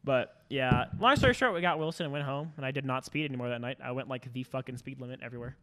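A young man telling stories on a casual podcast, swearing a lot and animated. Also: mid-range voice, quick pace. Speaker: podcast co-host.

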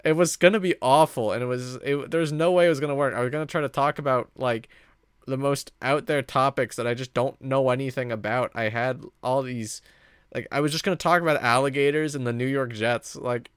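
A man's voice: mid-range voice, fairly quick, a bit bright, clean tone, no echo, studio quality. A man hosting his own podcast, talking alone in a rambling way with many fillers and self-corrections. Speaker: podcast host. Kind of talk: casual solo monologue.

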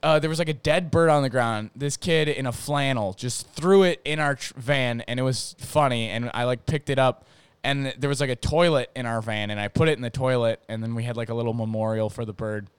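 This young man from North Dakota hosts his own show, talking briskly and smoothly in a medium pitch on a dry recording. His casual, profane story wanders along, packed with fillers and restarts.

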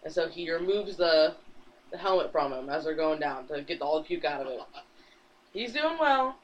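High-voiced man rambling through a comic recap. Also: expressive, normal speed, slight background noise. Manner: rambling, swears freely, acts out characters in passing. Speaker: podcast co-host. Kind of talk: casual chat, recapping a comic. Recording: dull lo-fi recording.

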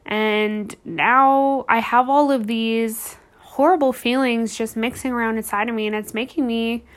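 A woman's voice: on the high side, steady tone, measured pace. A woman in her thirties hosting a podcast, telling a candid personal story in an emotional, rambling way full of restarts and fillers. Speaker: podcast host.

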